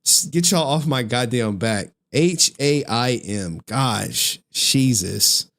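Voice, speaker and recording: A man live streaming and chatting loosely with his viewers, his pitch swinging high and low as he talks. He swears freely and grumbles about his chat, in a casual, rambling way. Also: lively intonation, slow, creaky, fairly bright tone.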